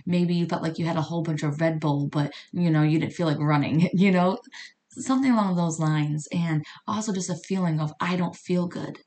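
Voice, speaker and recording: A podcast host with a deep voice talks fairly quickly, telling a personal story in a casual, chatty, animated way and acting out the quoted dialogue herself.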